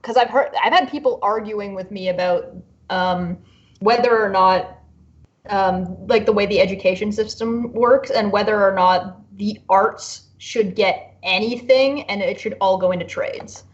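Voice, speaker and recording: A woman's voice: mid-range voice, a little slow, lo-fi sound. A woman guest in a casual panel chat, playful and joking as she talks. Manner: playful, laughs and jokes between points.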